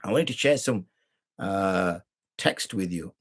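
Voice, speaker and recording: A man's voice: deep voice, lively intonation, takes it slowly, slightly rough. A middle-aged man with a British English accent, a mufti teaching religious law in an informal talk, full of rhetorical questions and mock dialogue.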